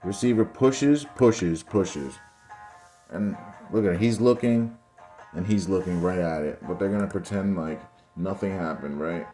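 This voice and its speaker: Young male commentator, deep voice, ranting and frustrated, light background music. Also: a little slow, mellow. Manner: exasperated ranting, keeps addressing viewers as guys and bro. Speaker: football commentary channel host. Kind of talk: casual video commentary over game footage.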